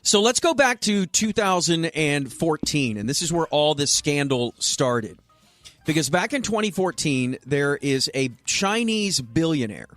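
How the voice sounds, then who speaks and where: A man co-hosting a radio show, chatting casually and telling a long story to his co-hosts in an animated way. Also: fairly high pitch, a little slow, no echo, faint music behind. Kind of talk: casual sports-radio banter.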